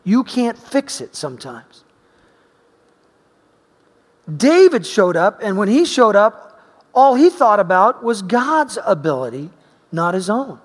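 High-voiced preacher in a reverberant hall. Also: male voice, unhurried. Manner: animated storyteller, swinging between loud emphasis and quiet asides. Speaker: pastor. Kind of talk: sermon with personal storytelling. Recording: long reverb of a large hall.

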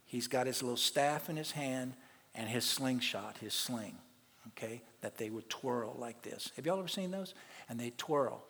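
A pastor preaching a sermon, telling a story and rousing the congregation to repeat after him. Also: male voice, medium pitch, normal speed. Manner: storytelling, building to call-and-response shouts. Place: church sanctuary. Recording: long church reverb.

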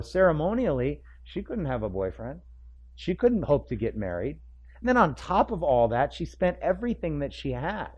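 A middle-aged man preaching a sermon, acting out the people in the story in quick joking asides. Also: medium pitch, darkish tone, breathy edge. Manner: acts out the crowd and figures in quick asides, joking. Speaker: pastor. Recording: dull lo-fi sound.

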